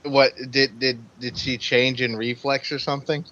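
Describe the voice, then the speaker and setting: A man's voice: mid-range voice, little pitch movement, moderate pace, fairly bright tone, highs cut off. A man playing a tabletop role-play game, stammering and repeating words. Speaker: player.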